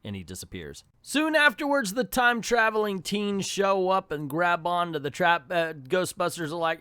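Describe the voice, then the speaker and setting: Wry man with a lively, dry voice. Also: sits high, moderate pace, hardly any pauses, clear, resonant tone, no echo. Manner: wry, sarcastic running commentary. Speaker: comic book reviewer. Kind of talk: casual spoken comic review.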